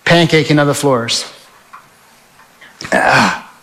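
A man giving a spoken testimony, telling his story vividly and acting out the shouts and lines of the people in it. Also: medium pitch, takes it slowly. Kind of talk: testimony talk to an audience.

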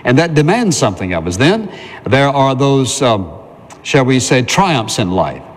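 A pastor delivers a conversational sermon, asking his congregation questions and then answering them himself. His medium-pitched voice swings widely in pitch, unhurried, with a long reverb tail.

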